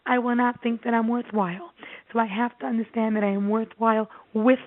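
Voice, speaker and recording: A woman therapist giving a presentation to parents, earnest and lively as she tells stories and acts out what clients say. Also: a little high, brisk. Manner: earnest, animated storytelling with acted-out quotes. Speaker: child therapist giving a talk. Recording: tinny phone-like audio.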